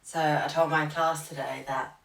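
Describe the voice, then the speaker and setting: A young woman chats on a podcast about her teaching job and slips into the voices of the people in her stories. Her voice is low and gravelly. She sits back from the mic in an echoey room. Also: fairly even intonation, moderate pace, recorded from a distance, very noisy. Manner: chatty storytelling, acting out what others said. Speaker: podcast co-host and primary school teacher. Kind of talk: casual podcast chat.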